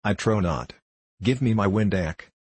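A man's voice: lowish voice, lively intonation, unhurried, darkish tone, slightly rough, dry recording. A man reading the lines of an earnest, loyal young squire in a storybook. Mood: urgent. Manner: urgent and pleading.

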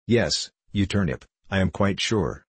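A man's voice: sits low, expressive, a little slow, husky, dry recording, heavily acted. A man voicing a big, boisterous master thief who mocks and gloats in an audiobook reading. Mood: gloating. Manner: loud, triumphant and mocking.

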